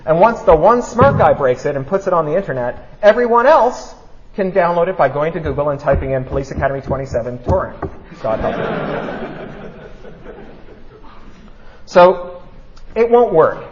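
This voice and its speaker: A man giving a public talk, fast and animated, who keeps asking his audience "right?". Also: a little high. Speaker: speaker at a talk. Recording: dull lo-fi recording.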